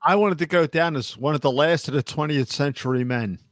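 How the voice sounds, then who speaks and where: A man's voice: a little high, a little fast, no room sound, studio quality. A man, hosting a podcast with wry, sardonic jokes. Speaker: podcast host. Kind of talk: casual podcast banter.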